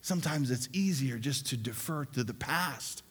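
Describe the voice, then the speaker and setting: A man preaching a sermon as a pastor, swinging from loud calls for the crowd to repeat after him to hushed whispers, in a large church hall. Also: medium pitch, lively intonation, normal speed, husky. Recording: long reverb of a large hall.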